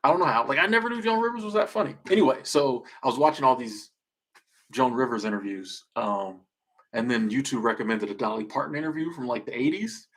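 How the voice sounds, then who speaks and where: Husky man joking with viewers. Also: medium pitch, expressive, a little fast, fairly bright tone. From Southern United States. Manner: joking, rambling, trails off and restarts. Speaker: streamer. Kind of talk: casual livestream chat reacting to viewer comments.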